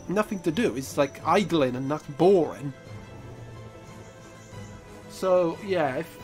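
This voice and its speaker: A man with a congested, nasal voice from a cold, giving chatty gameplay commentary and exclaiming at mishaps. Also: a little high. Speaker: gaming YouTuber.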